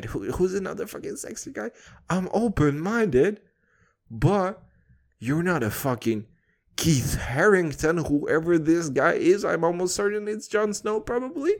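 A young man from Kazakhstan, telling a heated story in a casual rant, swearing constantly and calling everyone dude. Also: on the high side. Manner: heated, animated, laughs at his own story.

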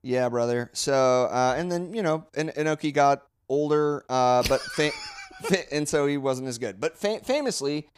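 A man's voice: a little high, lively intonation, normal speed, slight background noise. A man co-hosting a casual podcast, explaining history in a rambling way with many fillers and restarts. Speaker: podcast co-host. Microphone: close podcast mic.

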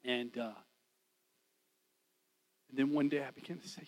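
A man preaching in church as a pastor, telling a personal story in a conversational way that swings from loud to hushed. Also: medium pitch, fairly even intonation, unhurried, pauses often, low-quality recording. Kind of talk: storytelling sermon.

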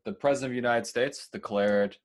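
A man's voice: medium pitch, fairly quick. A man co-hosting a podcast, running through the news in a casual chat with fillers and asides. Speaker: podcast co-host.

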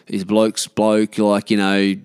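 A man's voice: fairly low pitch, monotone, measured pace, darkish tone, clean tone, no room sound, studio quality. A man with an Australian accent telling a rambling, casual story, laid-back and full of swearing.

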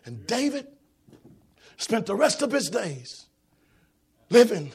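A man preaching a sermon in a church, shouting in a sing-song preaching cadence with a raspy voice. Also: high voice, big pitch swings, slow pace, pauses often.

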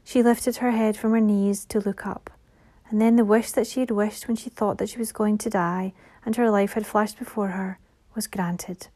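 A woman reads a fantasy novel aloud in a soft, measured voice. Her tone is mellow and rather dark. At times she drops into a hushed whisper. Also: mid-range voice, fairly even intonation. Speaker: audiobook narrator. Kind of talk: scripted fantasy narration.

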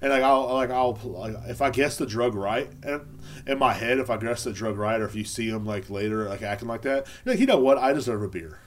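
A man's voice: medium pitch, a little fast. A man hosting a casual solo podcast, rambling, swearing often and turning sarcastic. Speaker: podcast host.

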